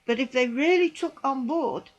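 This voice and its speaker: In a muffled recording, a middle-aged woman with a high voice speaks at normal speed. She is a vlogger sharing a personal testimony about church, indignant and emphatic, with repeated phrases for effect.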